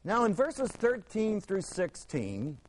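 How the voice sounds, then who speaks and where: A man teaching scripture to a classroom, his voice pitched high for a man and swinging widely up and down. He hammers key words through repetition and keeps tossing questions to his students. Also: huge pitch swings, takes it slowly, slight background noise, low-quality recording. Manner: emphatic, rhetorical questions, repeats words for stress. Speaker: Bible teacher. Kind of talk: classroom Bible lesson.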